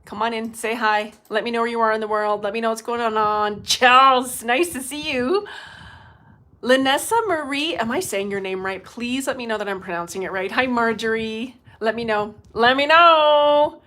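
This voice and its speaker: A woman's voice: fairly high pitch, normal speed, bright, forceful tone. A middle-aged woman hosting a casual livestream as a medium, chatty and laughing often as she greets viewers by name, speaking into her phone.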